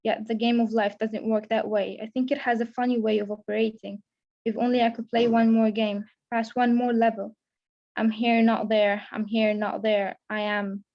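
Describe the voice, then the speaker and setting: Young woman reading her story, flat. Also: on the high side, moderate pace, vocal fry, muffled recording. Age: young adult. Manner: steady first-person reading with small restarts. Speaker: creative writing student. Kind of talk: reading own fiction aloud. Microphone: video call.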